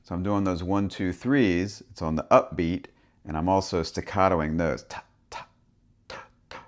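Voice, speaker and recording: A man with a very deep voice teaches a harmonica lesson. He talks through the rhythm in a relaxed way, stopping to sound out short syllables as he explains each part. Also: moderate pace. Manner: relaxed, thinking aloud, speaks rhythm syllables and soft whispers. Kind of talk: instructional explanation with vocal rhythm demonstrations.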